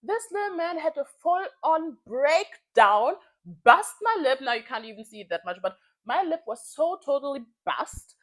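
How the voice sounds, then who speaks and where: Heated high-voiced young woman venting. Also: sing-song, moderate pace. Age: 20s. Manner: frank and heated, swears freely; lots of fillers, repeats phrases for emphasis. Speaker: vlogger. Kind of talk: casual venting monologue.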